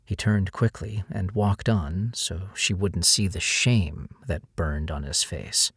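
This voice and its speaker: A male audiobook narrator with a low voice reads a novel in a steady storytelling manner. The recording is dry and close, with no room sound around him. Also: takes it slowly, slightly rough, no room sound. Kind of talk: scripted narration.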